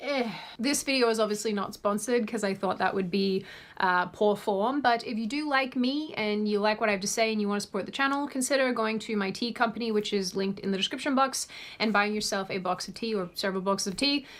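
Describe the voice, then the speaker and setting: A woman's voice: medium pitch, brisk, a bit bright. A woman from Sydney hosting her own channel, delivering an earnest, heated political monologue. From Australia, Sydney. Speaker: video essay host.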